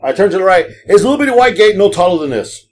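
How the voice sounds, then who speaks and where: Very animated and very fast, with a voice that sits high, a man hosts a podcast full of long, profane, rambling anecdotes. A rideshare driver, he acts out the people he quotes as he chats casually.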